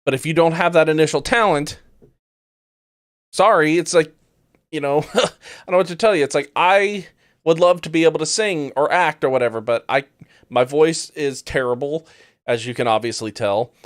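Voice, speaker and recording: A man's voice: on the high side, normal speed, fairly bright tone, no room sound, studio quality. A man hosting a podcast who reacts to news clips bluntly and sarcastically, swearing often. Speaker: podcast host. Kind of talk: casual commentary on news clips.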